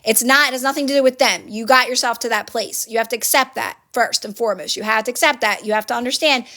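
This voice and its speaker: A woman's voice: on the high side, fast talker, sharp tone. A woman hosting a phone livestream, giving casual motivational advice to viewers in an earnest, repetitive coaching manner. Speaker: livestream host.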